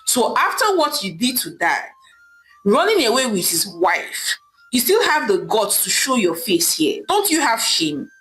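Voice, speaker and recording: Storybook: woman playing a scornful, stern younger brother, scolding tone, soft music behind. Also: fairly high pitch, big pitch swings, a little slow, rough recording.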